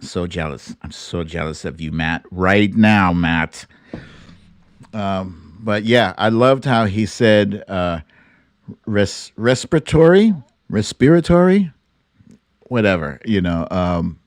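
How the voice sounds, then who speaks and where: A man hosting a show with casual commentary, animated and joking, swearing now and then. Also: deep voice, slow, dry recording, studio quality. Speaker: show host.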